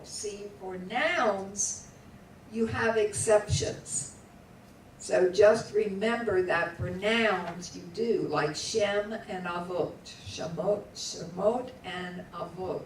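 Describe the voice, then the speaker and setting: Slow, patient woman teaching in an echoey room. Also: medium pitch. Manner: patient, drills words aloud syllable by syllable. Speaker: Hebrew teacher. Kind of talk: classroom lesson. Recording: echoey room, voice from far off, faint background hum.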